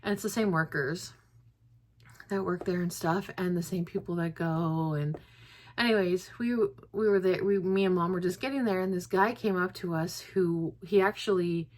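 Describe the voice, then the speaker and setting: A young woman vlogging to camera while grieving, talking in a rambling way with many likes and restarts, close to tears. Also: lowish voice. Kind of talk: casual personal vlog.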